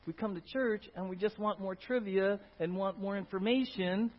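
A pastor with a high voice preaches a sermon in church at a normal speed, speaking animatedly, breaking into loud, emphatic bursts and posing questions to the congregation. The audio is dull and lo-fi.

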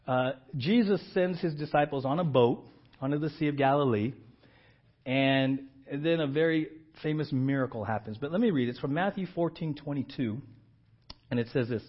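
A man preaching a sermon with a somewhat husky voice pitched a little above most men. He tells the story loosely and animatedly, slipping into slang. The recording is muffled and lo-fi. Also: moderate pace. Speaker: pastor.

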